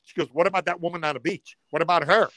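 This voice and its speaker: A man, a comedian guest, telling a story in casual chat, acting out the quotes and building loudly to punchlines. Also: on the high side, fairly even intonation, rapid-fire, no room sound.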